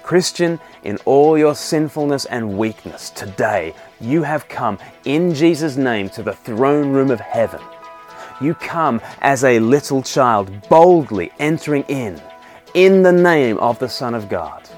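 A man giving an earnest devotional sermon, often dropping to a soft hush when he quotes a prayer. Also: medium pitch, animated, measured pace, soft background music. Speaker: preacher.

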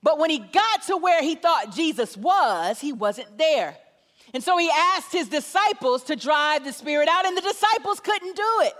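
Lively high-voiced woman preacher. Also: normal speed. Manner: animated, conversational preaching with repetition. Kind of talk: sermon. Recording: long hall reverb.

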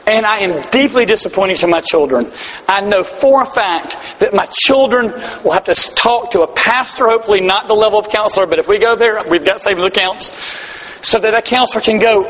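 A man's voice: high voice, fairly quick, fairly bright tone. A man preaching a sermon to a live audience, earnest and emphatic, with self-deprecating humor. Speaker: pastor. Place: large hall before a live audience. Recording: dull hall-echo live recording.

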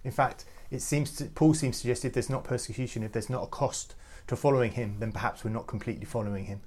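A man's voice: medium pitch, darkish tone. Earnest man giving a devotional talk. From United Kingdom. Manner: earnest, halting with repeated words and fillers. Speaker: youth ministry speaker.

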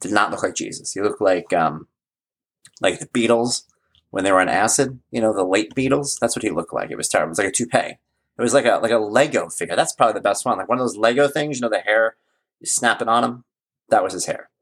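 A man's voice: on the low side, quick pace, a bit bright. A man in his forties, a parenting blogger, telling a story in a casual, wry and emphatic way, often repeating himself for emphasis. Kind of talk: casual vlog monologue.

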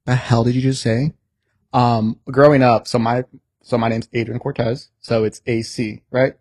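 Animated young man in casual chat. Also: medium pitch, normal speed, no echo. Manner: animated storyteller, swears freely, lots of "like". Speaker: podcast guest.

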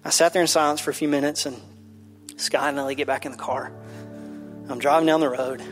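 A man's voice: fairly high pitch, fairly even intonation, fairly quick, soft background music. A man in his thirties, a pastor telling a personal story in a candid, conversational sermon. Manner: candid, personal, builds to emphatic then soft.

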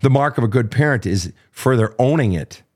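A man's voice: mid-range voice, lively intonation, fairly quick, darkish tone. A man in his fifties hosting a call-in advice show, telling stories candidly, swearing freely and laughing at himself. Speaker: podcast host answering listener questions. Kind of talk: casual storytelling and advice.

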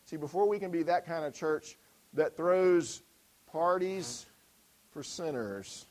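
A man preaching through an anecdote, his voice sitting a little high for a man. He tells it in a lively, animated way, slipping into the characters' voices. The delivery builds toward a direct appeal to the congregation. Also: slow pace, rough recording. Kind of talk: sermon illustration storytelling.

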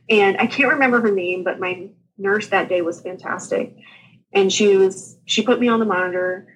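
A woman in her thirties telling her birth story as an interview guest, lively and laughing, acting out the voices of the people in it. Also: medium pitch, normal speed, slightly rough, poor audio.

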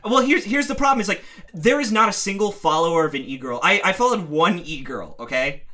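Man, bright sharp tone, animated swearing storyteller, podcast chat. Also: sits high, a little fast.

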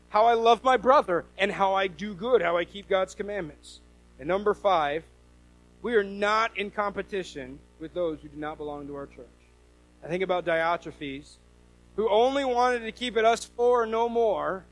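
A man's voice: high-pitched, poor audio. A man preaching a sermon as pastor, talking conversationally with rhetorical questions and frequent restarts.

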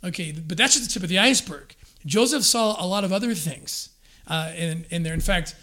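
A man explaining history in a lively conversational way, acting out quotes with frequent restarts. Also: on the high side. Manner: energetic storyteller, acts out quotes with restarts. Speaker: guest discussing scripture and history.

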